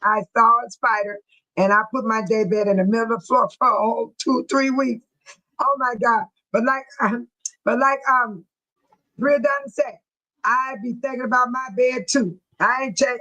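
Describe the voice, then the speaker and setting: A woman's voice: on the high side, lively intonation, normal speed, sharp tone, rough recording. A middle-aged woman hosting a casual live stream, chatting with her viewers and laughing often as she reads their comments.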